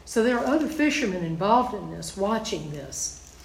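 A woman's voice: mid-range voice, sing-song, moderate pace, gravelly, slight background noise. A woman teaching a Bible study, reading scripture aloud and then explaining it in plain, conversational asides. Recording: echoey room.

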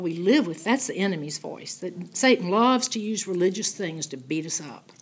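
An older woman leads a Bible study. Her voice sits low and sounds husky. She tells stories in a folksy, animated way and slips into the voices of the people she quotes. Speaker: Bible teacher. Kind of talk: Bible study teaching with storytelling.

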